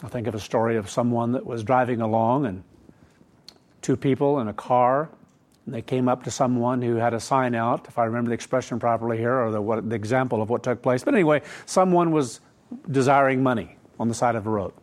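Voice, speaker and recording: A man's voice: mid-range voice, a little fast, a little mellow. A middle-aged man preaching a sermon in a conversational way, asking rhetorical questions and adding asides. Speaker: pastor.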